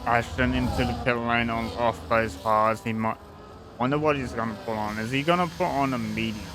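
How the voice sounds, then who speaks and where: A man's voice: mid-range voice, steady tone, brisk, background noise. A young man giving casual live commentary on an online sim racing league, rambling and restarting sentences. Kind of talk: live esports race commentary.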